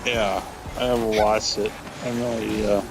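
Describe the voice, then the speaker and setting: A man's voice: on the low side, little pitch movement, moderate pace, gravelly, over music. A man chatting casually on a late-night stream, laid-back, rambling and often restarting his sentences. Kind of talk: casual chat.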